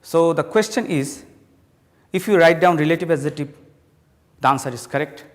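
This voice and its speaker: A male teacher giving a slow classroom lesson, explaining and repeating each point. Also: on the high side, big-room sound.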